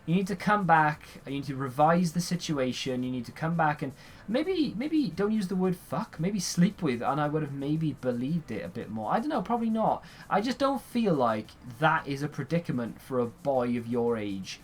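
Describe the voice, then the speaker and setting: A man's voice: on the high side, very animated, moderate pace. A young man chatting casually while he plays a game and answers viewer questions, rambling and sarcastic, often yawning. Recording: faint background noise.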